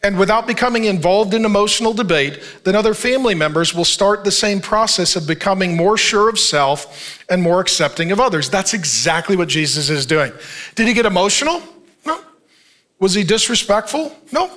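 Bright, high-voiced man preaching with energy. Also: brisk. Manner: animated, jokey, acts out voices in the story. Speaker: pastor. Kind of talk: sermon.

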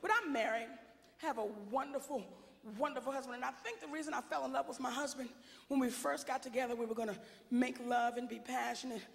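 A woman working a stand-up crowd in a brassy, sassy style, her high voice roughened by gravel. She belts out her punchlines. The sound rings through a large, echoey hall. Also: fast. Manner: brassy, bold and sassy, often shouting punchlines. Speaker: stand-up comedian. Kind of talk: stand-up comedy set.

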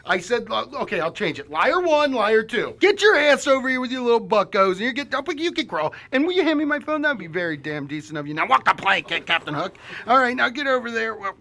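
A man's voice: high-pitched, sharp tone, heavily acted. A man acting as an erratic robber who swings between threats and apologies in a comedy sketch. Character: erratic jittery male robber, menacing yet apologetic.

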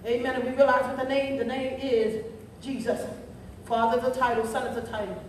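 A woman's voice: a little high, fairly even intonation, a little fast, a little hiss or hum. A woman pastor, preaching a sermon in a rhythmic, half-chanted cadence and punctuating nearly every phrase with "huh?". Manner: chanting, half-sung cadence when climaxing. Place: church. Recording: echoey sanctuary, voice from a distance.

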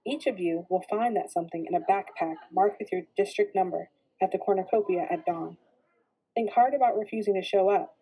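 A woman's voice: medium pitch, a little fast, mellow, husky, low-quality recording. Woman reading as a grand, proclaiming male announcer.

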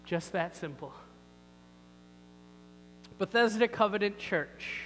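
A man's voice: high-pitched, moderate pace, a bit bright, long reverb tail, slight background noise, rough recording. Wry, conversational male preacher. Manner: conversational and wry, with rhetorical questions. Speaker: pastor. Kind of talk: sermon. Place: church sanctuary.

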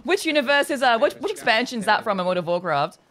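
A woman's voice: fairly high pitch, big pitch swings, fast, fairly bright tone, slight background noise. Chirpy woman playing a campaign manager. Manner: cheerful and chatty, with frequent laughs and fillers. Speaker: campaign manager in game role-play. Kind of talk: game role-play.

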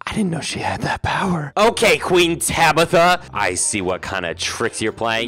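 A young man hosting casual game commentary, jokey and animated, often stammering and restarting his words. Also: a little high, moderate pace, hardly any pauses. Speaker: gaming video host. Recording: faint background music.

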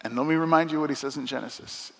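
A man preaching a sermon as pastor, talking to the congregation in a conversational way that swings from soft asides to loud, emphatic lines. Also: on the high side, fairly even intonation, fast talker, in a large hall. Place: church auditorium.

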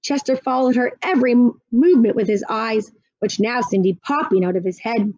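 A woman's voice: a little high, fairly quick, no room sound, dull audio. A woman reading a children's storybook aloud with expression. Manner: expressive, animated. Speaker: reader.

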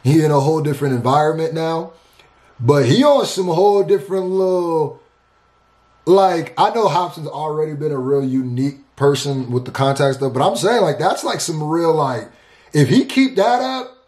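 A man hosting a music reaction video, talking in a casual, slangy and animated way as he breaks down rap lyrics. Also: on the high side, moderate pace, reverberant. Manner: animated, slangy, loose and talkative.

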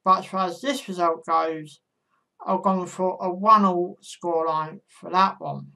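A woman's voice: lowish voice, fairly even intonation, a little slow, pushed and bright. A woman vlogger giving casual football predictions in a chatty monologue, talking straight to her viewers.

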